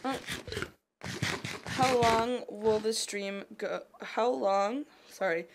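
Speaking extremely slowly in a fairly high voice, this Canadian streamer rambles through casual chat as she plays a modded block game, filling her talk with "like." Mouse clicks and other noise come through on her home stream.

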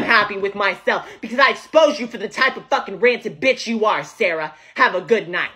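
A woman's voice: medium pitch, fairly quick, few pauses, bright, forceful tone, husky. A woman speaking heated, confrontational dramatic dialogue full of profanity.

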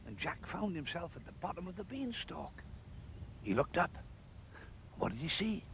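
Lively older man telling children's stories. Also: sits high, normal speed, vocal fry, a little hiss or hum, rough recording. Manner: lively, playful, chatty asides to the child viewer. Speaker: children's storyteller and presenter. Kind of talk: animated storytelling for children.

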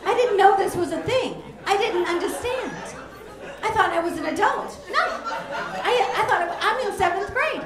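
A high-pitched woman in her forties works a comedy club crowd with a brash, rambling stand-up set, jumping into squeals for effect. Her voice rings through an echoey room with a handheld mic. Laughter from the audience rises around her. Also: animated, moderate pace. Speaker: stand-up comic.

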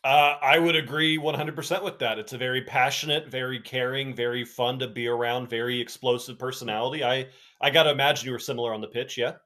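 Bright-voiced male co-host. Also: medium pitch, steady tone, fast talker, hardly any pauses.

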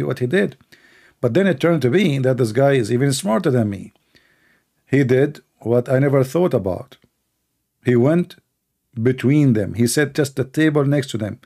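A man with a non-native English accent hosting a call-in livestream, telling stories in a rambling, animated way. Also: medium pitch, vocal fry. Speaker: host of a call-in show. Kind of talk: casual livestream talk.

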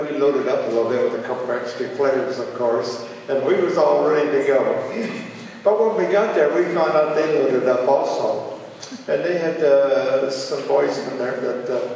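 A man in his seventies from Ohio, telling folksy stories at a charity fundraiser in a halting, rambling way with many filler sounds. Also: mid-range voice, a little mellow, slight background noise. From Ohio, USA. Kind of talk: folksy personal storytelling. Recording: echoey hall, distant mic.

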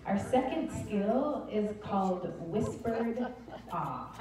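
A woman teaching the Alexander Technique, gently and encouragingly guiding a group through an exercise step by step. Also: medium pitch, expressive, unhurried, crowd noise. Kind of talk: guided group exercise instruction. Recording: roomy distant mic with faint noise.

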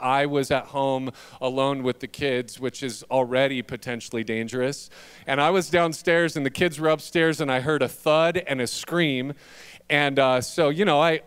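Man preaching with a smooth, clear voice. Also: mid-range voice, fairly bright tone. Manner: humorous self-deprecating storytelling. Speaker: pastor. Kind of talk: sermon. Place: church sanctuary.

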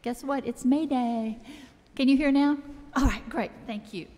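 A woman's voice: high-pitched, measured pace. Chatty woman making church announcements. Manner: loud voice; informal, chatty, with fillers and restarts. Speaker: church worship leader. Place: church sanctuary. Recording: long church reverb.

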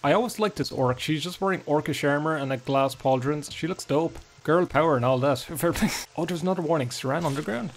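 A man's voice: fairly high pitch, fast, few pauses. Chatty man commenting on gameplay. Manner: chatty, joking, upbeat. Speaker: gaming YouTuber. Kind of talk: casual let's-play commentary.

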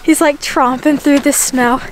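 A woman's voice: high voice, steady tone, unhurried, a little hiss or hum. A woman vlogging outdoors in the snow on a homestead with a handheld camera, bubbly and exclamatory, laughing often. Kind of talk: casual vlog narration.

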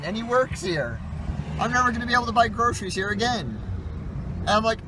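A young man vlogging casually and telling a funny story with animated, self-deprecating energy. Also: sits high, fast, noisy background.

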